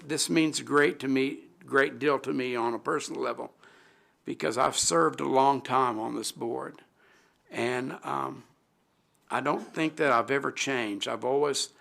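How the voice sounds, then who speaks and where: A middle-aged man, a city alderman, giving an emotional tribute at a council meeting, speaking haltingly with many restarts and pauses into a desk microphone. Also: medium pitch, gravelly, fairly bright tone.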